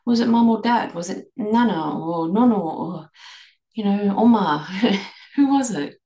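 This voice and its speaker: A woman hosting a reflective podcast, leading listeners through a string of gentle questions. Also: medium pitch, expressive, a little slow. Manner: asks many guiding questions, gentle restarts. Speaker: podcast host and eating coach. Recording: echoey room.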